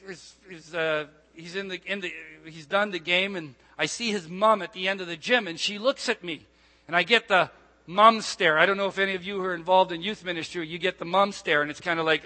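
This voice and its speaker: A middle-aged man pastor preaching a sermon and telling stories in an animated way, with asides and restarts. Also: high-pitched, a little fast. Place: church hall. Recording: long hall reverb.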